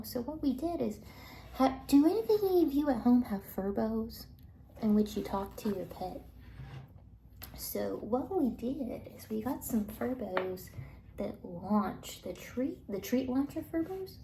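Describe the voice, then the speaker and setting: A woman talking casually to her viewers in a rambling way, full of fillers and soft whispered asides, recorded with echo. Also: on the high side, big pitch swings, unhurried, creaky, a little hiss or hum. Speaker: vlogger. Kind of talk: casual monologue. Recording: echoey recording.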